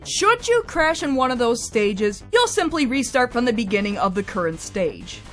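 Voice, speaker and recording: A woman's voice: a little high, very animated, moderate pace, soft background music. A woman narrating a scripted game review in a wry, chatty way.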